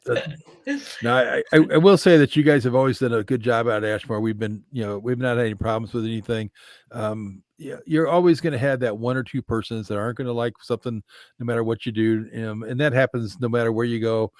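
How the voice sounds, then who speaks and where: A man hosting a casual radio talk show, relaxed and rambling, often restarting his sentences. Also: mid-range voice, fast, no echo. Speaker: radio host.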